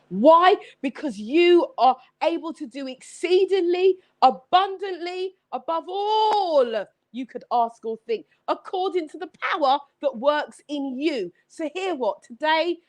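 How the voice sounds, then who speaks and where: Woman, motivational live stream, high lively voice, exclamatory, repetitive. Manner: energetic, exclamatory, preachy, repeats phrases. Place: home setup with several screens.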